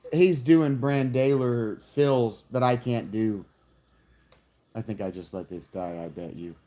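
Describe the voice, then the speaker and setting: A man's voice: mid-range voice, slow, warm tone. A man casually reacting to a song, musing aloud as he picks apart its lyrics, with the odd swear.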